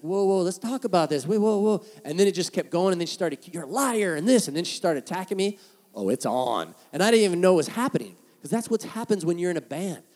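A man preaching a sermon as the pastor, telling stories in an animated way and acting out the voices of people he quotes. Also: high voice.

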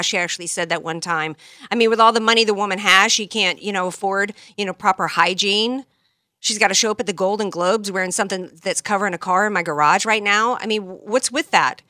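A woman's voice: medium pitch, bright, forceful tone, no echo, studio quality. A woman hosting a talk show, delivering a sarcastic, combative political monologue full of rhetorical questions.

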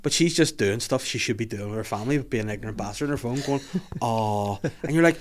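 A podcast host tells sweary stories in casual chat, animatedly acting out quotes. He speaks fast in a fairly low-pitched voice.

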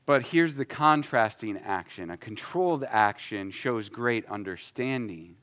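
A man in his thirties preaching a sermon, emphatic, shifting between loud stresses and soft asides. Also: fairly low pitch, expressive, a little slow. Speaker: pastor.

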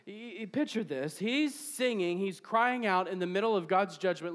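A man preaching a sermon to a congregation, reading scripture aloud and building to shouted peaks, with jokes and laughter along the way. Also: high voice, expressive, normal speed. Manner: preaching with rising bursts of shouting. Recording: long hall reverb.

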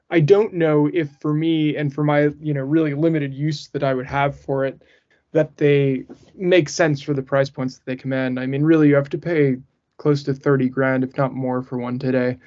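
A man's voice: mid-range voice, fairly even intonation, normal speed, a little mellow. Male podcast co-host, casual rambling chat, muffled lo-fi sound. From northeastern US. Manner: rambling, frequent fillers and restarts. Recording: muffled lo-fi audio.

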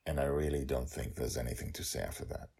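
Casting: man, author-narrator of an audio serial, very low and husky, emphatic and chatty. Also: fast. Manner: lively, emphatic, chatty outro.

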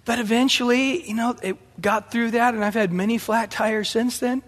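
A middle-aged man preaching a sermon in an animated way, acting out the voices he quotes. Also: very high-pitched, moderate pace. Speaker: pastor. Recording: long hall reverb.

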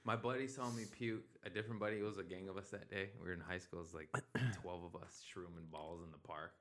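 A young man in casual chat, telling laid-back stories, trailing off quietly and acting out the voices of others. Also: low voice, steady tone, fast talker. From US West Coast.

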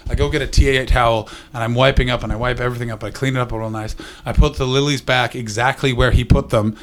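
Brief: male comic, mid-pitched, swearing and bantering with the room. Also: fairly even intonation, fast talker, fairly bright tone. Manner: profane, rambling, riffs with the crowd. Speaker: stand-up comedian. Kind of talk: stand-up comedy set. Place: live comedy venue.

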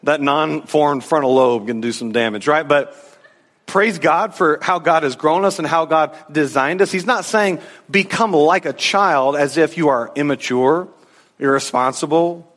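A man in his thirties, a pastor, preaching a sermon in an animated way and briefly acting out the disciples in a casual voice. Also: on the high side, measured pace. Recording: long hall reverb.

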